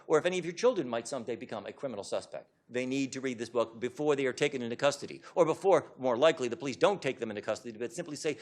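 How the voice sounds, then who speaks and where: Fast, emphatic man lecturing. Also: a little high, lively intonation. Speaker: author giving a talk. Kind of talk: public talk to an audience.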